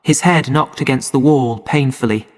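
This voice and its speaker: A man narrating a story for English learners in a slow, clear and measured way. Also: medium pitch. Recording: long hall reverb.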